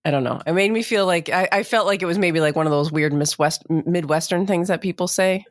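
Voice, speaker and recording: A woman's voice: fairly low pitch, fast, dry recording. Chatty woman podcast co-host, dry sound. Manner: chatty, laughing, self-deprecating. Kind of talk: casual chat.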